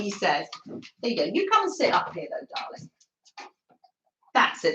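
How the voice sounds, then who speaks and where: Lively, slow-talking chatty woman crafter. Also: on the high side, slight background noise. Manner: rambling, self-mocking, laughs often, coos at her dog. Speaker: craft livestream host. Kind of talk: chatty live craft stream. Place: home craft room with door open. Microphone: streaming camera on the table. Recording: roomy, slightly dull home stream.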